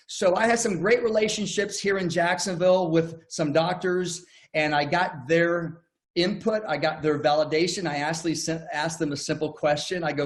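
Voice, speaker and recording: An older American man, somewhat high-voiced, presents over a video call. He tells his story in a folksy, homespun manner, often restarting his sentences as he goes. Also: fairly even intonation, moderate pace. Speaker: network marketing presenter. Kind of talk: online business presentation.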